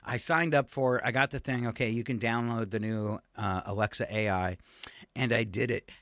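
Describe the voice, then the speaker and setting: A man's voice: mid-range voice, moderate pace, no echo, studio quality. A man co-hosting a morning radio show, chatting casually and telling stories with frequent laughter. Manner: animated storyteller, laughs often. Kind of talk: casual on-air banter.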